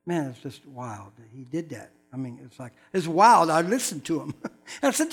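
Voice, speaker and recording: A man's voice: a little high, big pitch swings, normal speed, breathy edge. A man, a pastor from North Carolina preaching a sermon in a church, telling folksy stories and acting out the dialogue.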